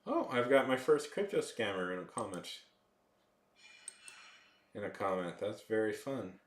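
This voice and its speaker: A man's voice: fairly low pitch, very animated, a little slow, echoey room. A man chatting casually with his live-stream viewers, rambling with lots of fillers.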